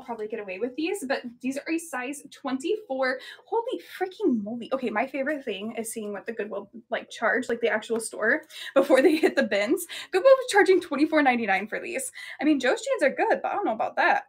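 A young woman chatting casually on a live stream as she sells thrifted clothes, giggling often and filling gaps with "um" and "like.". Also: sits high. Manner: chatty, giggly, lots of ums and likes. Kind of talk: casual live-selling chat.

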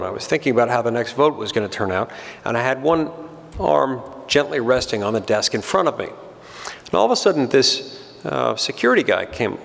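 Middle-aged guy, gravelly voice, dry jokey speech, big echoey hall. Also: medium pitch. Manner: dry self-deprecating storytelling. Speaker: senator giving a speech. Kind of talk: humorous public speech. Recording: long hall reverb.

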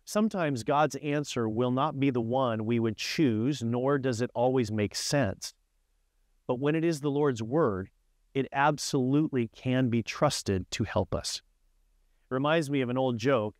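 Male pastor, devotional sermon and prayer, mid-pitched, dry close sound. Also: measured pace, dry recording. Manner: storytelling, voices a joke's characters.

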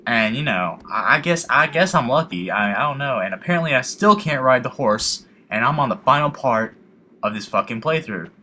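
Bright-voiced young man swearing through gameplay. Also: mid-range voice, expressive, moderate pace. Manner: emotional, swearing, self-mocking rambling. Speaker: let's play gamer. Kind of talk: casual gameplay commentary.

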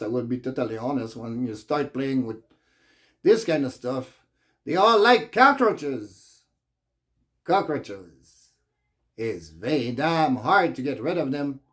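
A man with a Quebec French accent rambles through a casual vlog rant to camera. He talks in loose, non-native English and swears freely, his voice sitting at an ordinary middle pitch. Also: a little mellow. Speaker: vlogger.

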